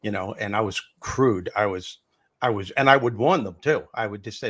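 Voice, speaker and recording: An older man who is a comedian and former teacher tells animated stories during a podcast interview, acting out the voices of people he quotes. His pitch is fairly low and he talks at a normal speed.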